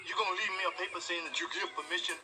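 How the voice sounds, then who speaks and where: An actor playing a wily old enslaved fiddler who talks in a drawn-out rural dialect and bosses a newcomer around. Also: male voice, sits high, steady tone, natural voice. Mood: worried. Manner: heavy rural Southern dialect, drawn-out teaching repetitions. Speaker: film character.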